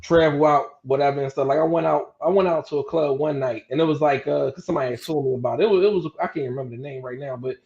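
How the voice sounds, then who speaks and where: A man's voice: on the high side, fast talker, hardly any pauses, darkish tone, muffled recording. A man talking casually and laid-back, using lots of fillers. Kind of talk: casual chat.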